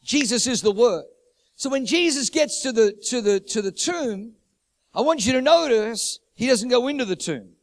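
A man's voice: very high voice, lively intonation, moderate pace. A man preaching a sermon, repeating his phrases for emphasis and building urgency.

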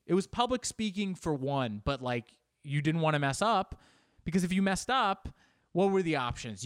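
A man riffs alone in a rambling, profane comedic monologue. His voice sits a little high and swings widely in pitch. The sound is dry and close, with no room around it. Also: dry recording.

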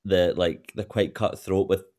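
A young man with a deep, low-pitched voice chats casually as a guest. He rambles and gushes, and he breaks off mid-thought with quick asides. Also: fairly even intonation, dark tone. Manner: rambling, gushing, quick asides and self-interruptions. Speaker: podcast guest, comedian. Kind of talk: casual chat.

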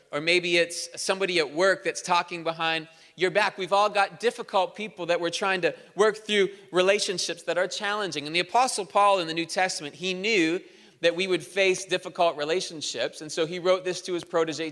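A man preaching a sermon in a church, energetic and conversational, with humor. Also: high voice, big-room sound. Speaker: pastor. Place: church auditorium.

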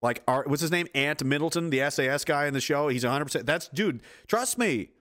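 A man's voice: fairly high pitch, a little fast, fairly bright tone. A man delivering a fierce, profane motivational rant, swearing freely and hammering his points with repetition.

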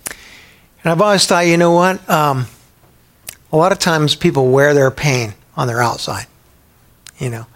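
Animated preaching man. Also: on the high side. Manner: animated preaching, acts out quoted voices. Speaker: pastor. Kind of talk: sermon.

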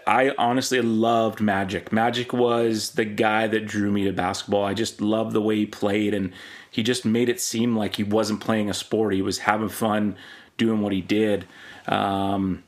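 A middle-aged Canadian man, a podcast host now being interviewed, telling rambling, animated stories in casual chat. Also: on the low side. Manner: rambling, animated anecdotes with many fillers.

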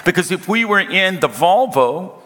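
Male preacher, sermon storytelling, humorous and emphatic, slightly high pitch, reverberant hall. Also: animated, moderate pace, bright, forceful tone. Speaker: pastor.

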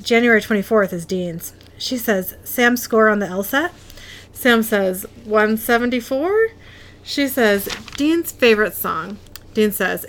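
A woman's voice: mid-range voice, fairly bright tone. Giggly woman recapping an episode. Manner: giggly, reads out dialogue in narration.

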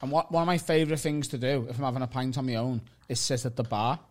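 A man's voice: medium pitch, steady tone, fast, a little mellow. A young man with a Liverpool accent, telling a story in casual podcast chat, acting out the other people's lines and swearing freely. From Liverpool, England. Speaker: comedian, podcast co-host.

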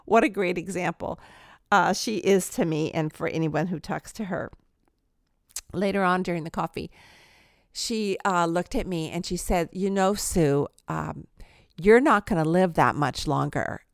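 A woman in her sixties hosting a podcast, telling a story in an animated way and laughing often. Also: fairly low pitch, a little slow, gravelly, dry recording, studio quality. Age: 60s. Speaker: podcast host.

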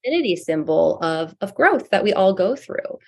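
A woman's voice: medium pitch, big pitch swings, moderate pace, creaky. A woman guest talking casually about spiritual growth, frank and swearing freely, acting out inner voices as she goes. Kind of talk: casual spiritual coaching talk.

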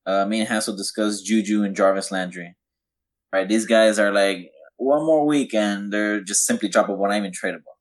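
A man's voice: lowish voice, moderate pace. A man co-hosting a sports podcast, laid-back and reflective. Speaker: podcast co-host. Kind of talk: casual sports chat.

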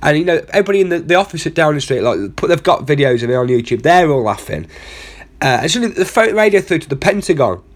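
A man's voice: fairly high pitch, very animated, fast. A man hosting a comedy podcast, telling a rambling, self-mocking story full of asides. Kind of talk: comic storytelling monologue.

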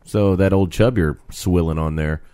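A man's voice: sits low, normal speed, warm tone. A man co-hosting a podcast, tossing in dry, teasing one-liners. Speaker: podcast co-host. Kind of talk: crude comedic podcast banter.

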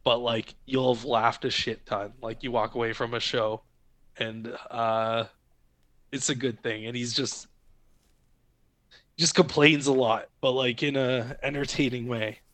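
A man co-hosting a casual podcast, talking in a relaxed, rambling way. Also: medium pitch, a little slow, no room sound, poor audio. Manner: relaxed, rambling, many fillers. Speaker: podcast co-host. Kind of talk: casual chat.

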